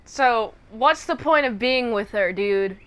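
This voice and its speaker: A woman's voice: on the high side, slow, a little hiss or hum. A young woman casually recapping a TV episode and acting out the characters as she tells it. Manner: animated storytelling that acts out the characters. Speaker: reviewer.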